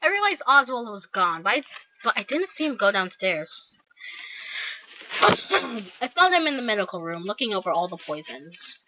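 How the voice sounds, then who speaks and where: A woman reading a fan-made story aloud in a casual, animated way with asides, on a dull, dry recording. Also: mid-range voice, moderate pace, a little hiss or hum.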